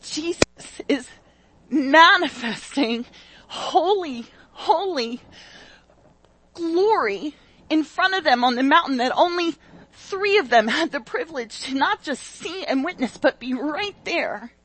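A woman with a high voice preaches a sermon at a measured pace, speaking directly to her listeners in a conversational, animated way. Her delivery swings from loud exclamations to softly read scripture.

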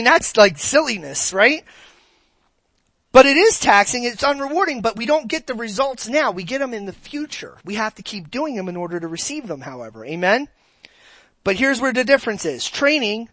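Bright-voiced woman preaching, playful. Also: high voice, dry recording. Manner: lively, joking, acts out quotes in voices. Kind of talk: conversational sermon.

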